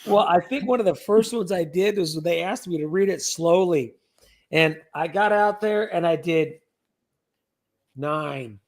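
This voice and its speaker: High, gravelly-voiced man hosting a stream. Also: measured pace. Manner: jokey, rambling storyteller who reads out chat comments. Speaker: live stream host. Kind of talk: casual live stream chat.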